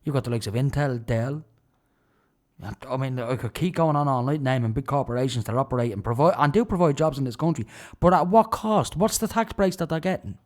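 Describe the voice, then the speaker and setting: A man's voice: mid-range voice, fairly quick, darkish tone. An Irish man hosting a radio show, delivering an indignant, ranting solo monologue with heavy emphasis.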